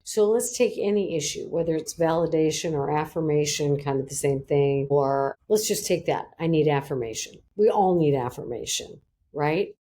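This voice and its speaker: A middle-aged woman psychologist speaks as a podcast guest, her voice sitting a little low for a woman. She is animated and slips into the voices of the people she quotes. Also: normal speed, a little hiss or hum. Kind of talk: podcast interview.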